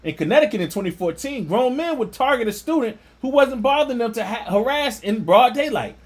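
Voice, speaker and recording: A man reading an article aloud and breaking off into scornful, animated religious commentary. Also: very high-pitched, a little fast. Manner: animated, scornful asides with laughter. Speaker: religious teacher.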